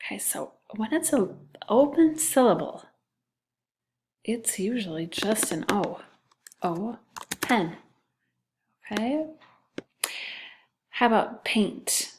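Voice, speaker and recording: Slow, patient woman teaching phonics. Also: mid-range voice, lively intonation, a little mellow. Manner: slow, patient, sounding out letters. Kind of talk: phonics lesson for children.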